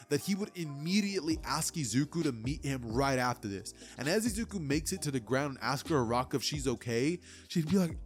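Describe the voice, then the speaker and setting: A young man narrates a fan story in a loose, rambling way, filling gaps with casual fillers. His voice sits a little high. Faint music plays behind him. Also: lively intonation, brisk, few pauses. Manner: rambling, many fillers like "like" and "you know". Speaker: YouTuber.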